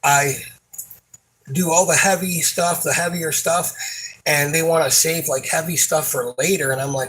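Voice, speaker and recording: A man's voice: a little high, fairly even intonation, fairly bright tone, low-quality recording. A man who works at a supermarket, venting about a coworker in a rambling, frustrated way, swearing often and restarting his sentences. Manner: halting, many fillers and restarts. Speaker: supermarket worker. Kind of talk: casual venting monologue.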